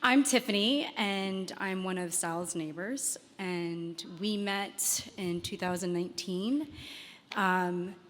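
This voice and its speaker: A woman speaking as a neighbor giving a tribute at an award event, nervous and emotional, with many pauses and ums. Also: mid-range voice. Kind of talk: nervous heartfelt award speech. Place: event hall. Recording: long hall reverb.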